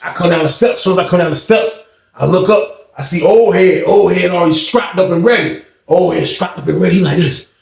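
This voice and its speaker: A man telling a story casually, with an animated delivery that swings from loud bursts to hushed, low tones. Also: fairly quick, gravelly. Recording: roomy echo.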